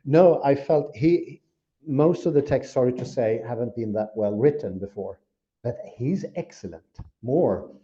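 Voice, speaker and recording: A man's voice: mid-range voice, expressive, measured pace, warm tone. A man in a casual academic discussion, agreeing eagerly and chiming in often. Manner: eager, agreeing with frequent backchannels. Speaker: discussion partner. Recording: echoey, muffled room.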